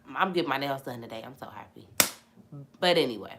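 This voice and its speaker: A woman's voice: rumbling low, lively intonation, fast, background noise. A young woman hosting a casual live-stream Bible talk, repeating phrases for emphasis as she preaches and reacts to viewer comments. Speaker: host of a live Bible chat.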